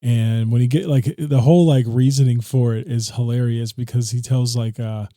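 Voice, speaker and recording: A man with a very dark, mellow voice chats casually as a podcast co-host, breaking down a film in a loose, profane way. The sound is close and dry, with no room around it. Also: mid-range voice, fairly even intonation, moderate pace, dry recording. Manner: loose, profane, laughs often. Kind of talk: casual film review chat.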